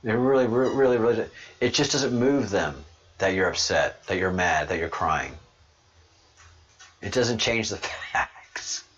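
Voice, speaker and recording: A man from Ireland hosting a podcast, talking casually in an animated, rambling way and laughing often. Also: fairly low pitch, a little slow, slight background noise. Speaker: podcast host. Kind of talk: casual monologue. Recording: dull lo-fi recording.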